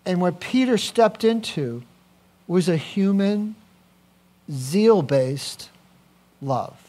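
A man preaching a sermon as a pastor, animated, swinging from quiet to loud with personal asides. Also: sits high, drawn-out words.

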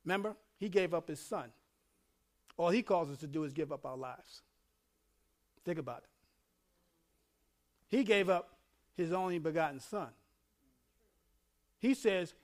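A male pastor preaching a sermon, dropping to a low murmur and then building to shouting, with frequent laughs. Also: expressive, a little slow, long pauses. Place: church.

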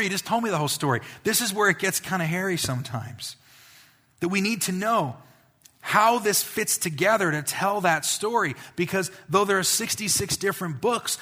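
A male pastor giving a conversational sermon, building to emphatic peaks and dropping to quiet asides. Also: high voice, creaky, slightly rough.

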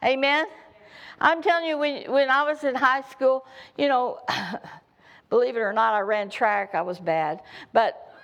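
Woman preacher, high voice, slow delivery, folksy and humorous. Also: a bit bright, muffled recording. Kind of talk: sermon with personal stories.

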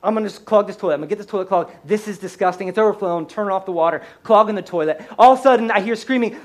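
A man who is a pastor, telling a comedic story in a sermon in a high-strung, animated way. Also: racing, hardly any pauses.

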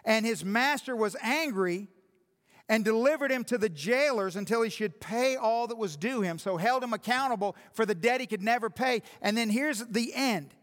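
A man's voice: very high-pitched, moderate pace, a bit bright, big-room sound. A man preaching a sermon as pastor, speaking directly and with passion to the congregation.

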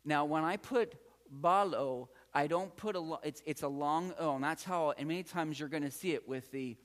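A man's voice: fairly high pitch, fairly quick. A man giving a patient, encouraging classroom lecture as a Greek teacher, often repeating key words. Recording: long hall reverb.

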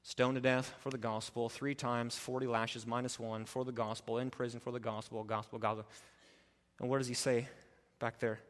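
A man's voice: level tone, normal speed. Impassioned preaching man, echoing hall. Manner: impassioned, rising to loud emphatic preaching then dropping low. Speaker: pastor. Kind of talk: sermon.

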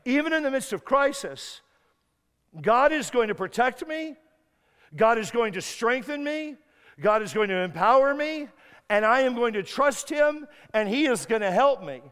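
High-voiced man preaching in a hall. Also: expressive, moderate pace, fairly bright tone, clean tone. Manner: emphatic, repeats words and restarts, acts out prayers. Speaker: guest preacher. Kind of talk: sermon. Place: church sanctuary. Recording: long hall reverb.

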